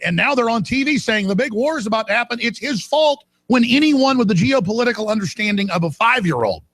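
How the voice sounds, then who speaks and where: A male talk radio host tears into a heated monologue and lets it climb into shouts. His voice sits high and gravelly with a husky edge. The sound is close and dry, with no room around it. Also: dry recording. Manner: ranting, fiery, shouts at peaks.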